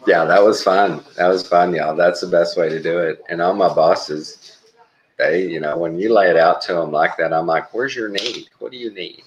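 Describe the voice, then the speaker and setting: A man's voice: deep voice, fairly even intonation, moderate pace, lo-fi sound. A middle-aged man from Texas, rambling through laid-back work stories in casual chat, swearing now and then. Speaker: traveling surgical tech.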